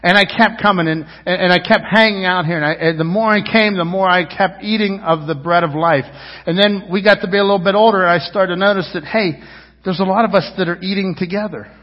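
Man, 50s, pastor: rambling storytelling sermon, loud and quiet in turns, husky voice, long church reverb. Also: fairly quick. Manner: rambling, storytelling with restarts and asides; swings between loud emphasis and low, quiet lines. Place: church sanctuary. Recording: dull sound with long reverb, as in a church hall.

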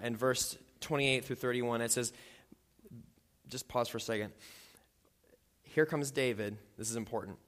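Man preaching in a reverberant church. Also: medium pitch. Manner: conversational preaching with animated acted-out quotes. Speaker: pastor. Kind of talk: sermon. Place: church sanctuary. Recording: long hall reverb.

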